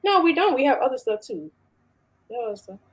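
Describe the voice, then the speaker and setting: A woman from Chicago with a Chicago accent, giving her opinions in a relaxed, frank way during a casual panel chat. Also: high-pitched, fast talker. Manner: laid-back, opinionated.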